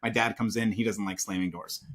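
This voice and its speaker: A man's voice: lowish voice, steady tone, a little fast, a bit bright, a little hiss or hum. A man speaking as a guest and sales coach in an interview, emphatic, often asking "right?". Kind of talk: conversational interview.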